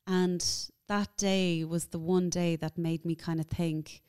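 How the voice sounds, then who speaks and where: A woman's voice: fairly low pitch, level tone, takes it slowly, mellow, smooth. A woman guest telling a story in casual interview chat, chatty and emotional, full of "like" fillers. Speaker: guest, cookbook author.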